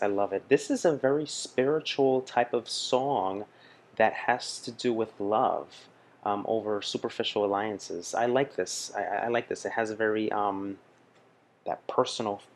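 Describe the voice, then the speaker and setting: A man hosting a music reaction video, talking in a casual, gushing way with lots of fillers and restarts. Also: lowish voice.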